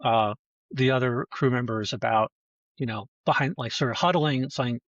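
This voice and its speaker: Halting man on dull lo-fi audio. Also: medium pitch, no room sound. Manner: halting, many restarts and fillers. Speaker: filmmaker guest. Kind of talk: casual conversation.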